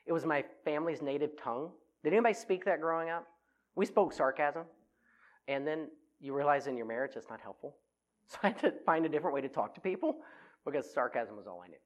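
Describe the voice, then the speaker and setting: A man's voice: fairly high pitch, fast talker. A middle-aged man giving a humorous talk to an audience on personality types, telling self-mocking stories. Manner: animated, self-mocking storytelling.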